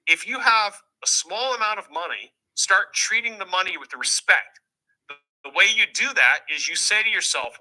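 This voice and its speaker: A man's voice: sits high, animated, moderate pace, bright, forceful tone, rough recording. A man giving money advice in a lecturing way, asking rhetorical questions and answering them himself. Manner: emphatic, repeats rhetorical questions. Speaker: financial commentator in a played clip.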